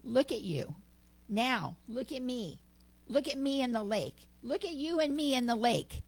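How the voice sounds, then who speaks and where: A woman voicing a motherly lioness in a spoken parable, gently insistent and coaxing. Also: fairly high pitch, lively intonation, a little slow, breathy edge, no echo, voice pushed up, heavily acted. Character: motherly female lioness, firm and patient.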